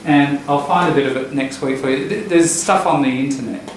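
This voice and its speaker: A man teaching an English class, explaining pronunciation patterns in a relaxed way and repeating phrases to model them. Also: on the high side, fairly quick, a little hiss or hum. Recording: echoey classroom recorded from a distance.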